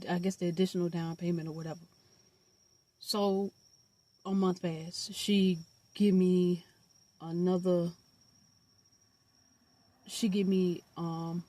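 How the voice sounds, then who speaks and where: A young adult woman telling a personal storytime to her viewers, animated and blunt, with profanity and slangy asides. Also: fairly low pitch, no room sound. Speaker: storytime vlogger. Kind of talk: casual storytelling.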